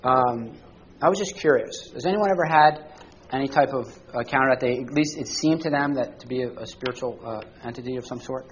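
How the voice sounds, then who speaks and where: Recorded with lo-fi sound, a man with a mid-range voice speaks a little fast while teaching a church study class. He talks conversationally to the group, often checking in with questions and a frequent "all right?"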